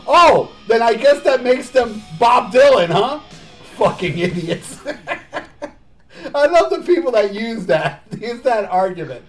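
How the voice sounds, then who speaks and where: A man's voice: extremely high pitch, very animated, measured pace, faint music behind. A man casually reviewing songs, sarcastic and crude, swearing and laughing as he talks. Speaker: podcast host reviewing albums.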